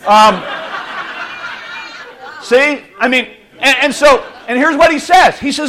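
A man preaching a sermon, playful and animated, acting out little scenes with the audience. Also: extremely high pitch, takes it slowly, pauses often, a faint crowd. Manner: animated, playful, acts out quotes. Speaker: pastor.

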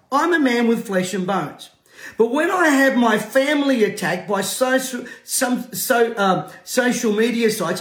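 A man, preaching to camera in a combative, forceful way, rising to shouts and breaking into jovial laughs. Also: extremely high pitch. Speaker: pastor. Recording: roomy echo.

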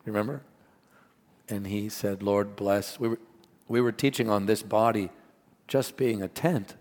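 A man preaching a sermon as pastor, earnest and animated, mixing stories and asides with scripture. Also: lowish voice, unhurried. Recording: long hall reverb.

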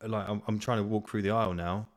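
A man's voice: on the low side, steady tone, fast. A young man hosting a solo podcast, telling stories in a chatty way and swearing freely. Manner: chatty storytelling with swearing and laughs. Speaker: podcast host. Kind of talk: casual solo podcast chat.

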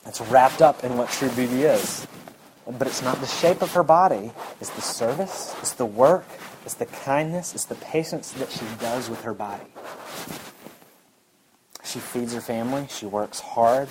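A man's voice: medium pitch, normal speed. Earnest male preacher, faint hiss. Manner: earnest, repetitive emphatic preaching. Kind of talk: sermon.

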